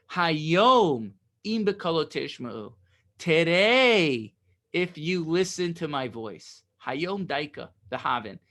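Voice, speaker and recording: A man's voice: fairly high pitch, a bit bright. A man teaching a Torah lesson, reading Hebrew phrases and explaining them in casual English, often checking in with "right?".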